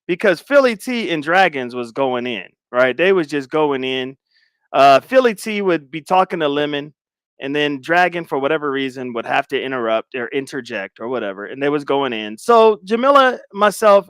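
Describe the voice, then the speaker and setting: A man's voice: a little high, fairly bright tone, dry recording, studio quality. A middle-aged man hosting a livestream, chatting casually with viewers in a playful, teasing way and laughing often. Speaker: livestream host. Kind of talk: casual chat reading viewer comments.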